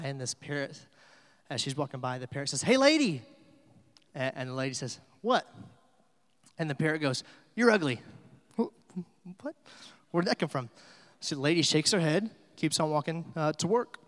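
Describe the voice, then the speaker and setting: A man's voice: medium pitch, in a large hall. A man preaching a sermon in a church, telling stories in a loose conversational way with many fillers. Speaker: pastor.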